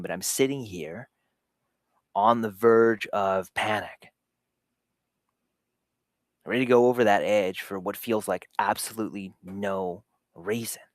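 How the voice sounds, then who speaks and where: A man's voice: fairly low pitch, a bit bright, dry recording, clean studio sound. Candid man telling a personal story. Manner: candid, self-deprecating, laughs often; recounts sensations in vivid detail. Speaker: host of a live show for dads. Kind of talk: personal storytelling to a live audience. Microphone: camera setup in a home recording space.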